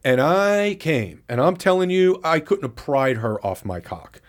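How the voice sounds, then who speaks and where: A man's voice: a little high, sing-song, measured pace. Candid, profane man telling a story. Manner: candid, profane, blow-by-blow recounting. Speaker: podcast co-host. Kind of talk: casual storytelling chat.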